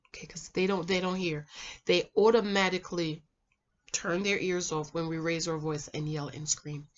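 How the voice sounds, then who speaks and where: Woman, 30s, relationship mentor. Chatty, sisterly, slips into soft low talk. Bright tone, dull lo-fi sound. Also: moderate pace. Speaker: relationship mentor, channel host. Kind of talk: casual chat to camera.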